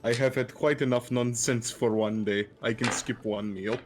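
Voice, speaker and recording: A man voicing a gruff, weary adventurer who grumbles his way to bed. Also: mid-range voice, fairly even intonation, moderate pace, background noise, lightly acted. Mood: grumbling. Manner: grumbling, terse.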